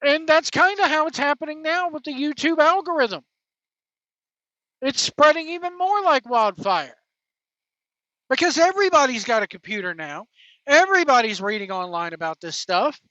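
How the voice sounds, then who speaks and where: Brief: high-pitched, sharp-toned host talking wrestling in a slangy, emphatic way; dull lo-fi sound, dry. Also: lively intonation, normal speed, dry recording. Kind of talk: casual wrestling commentary.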